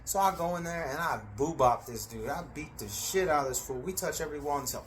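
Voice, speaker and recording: A man telling a story in a casual, animated way, acting out voices and sound effects and swearing freely. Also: on the high side, fast talker, few pauses, slight background noise.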